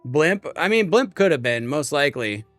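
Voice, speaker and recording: A man's voice: on the high side, very animated, normal speed, a bit bright, no room sound, soft background music. A man in his thirties chatting casually with viewers while streaming a game, rambling and friendly. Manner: chatty, rambling, talks to chat. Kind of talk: casual live-stream chat.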